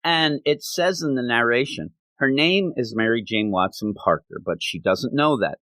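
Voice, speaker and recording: Guy recapping a comic on his podcast, chatty, medium-pitched, close dry mic. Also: expressive, normal speed, fairly bright tone, dry recording. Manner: conversational, recapping and quoting dialogue. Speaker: podcast host. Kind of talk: casual comic book review.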